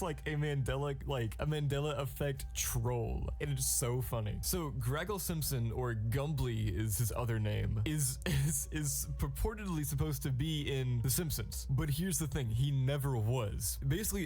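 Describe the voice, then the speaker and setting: A man giving casual video commentary, chatty and excitable with quick asides. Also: medium pitch. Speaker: reaction video creator.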